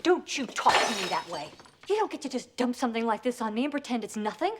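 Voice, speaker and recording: A woman's voice: on the high side, big pitch swings, quick pace, heavy background noise. An actress playing a stern, shaken middle-aged mother, scolding emphatically. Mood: angry, scolding.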